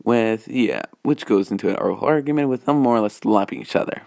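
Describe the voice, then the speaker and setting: Gravelly low-voiced man rambling through a story. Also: fairly quick, a little mellow. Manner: meandering, full of restarts and filler phrases. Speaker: fan fiction storyteller. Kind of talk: casual rambling story retelling.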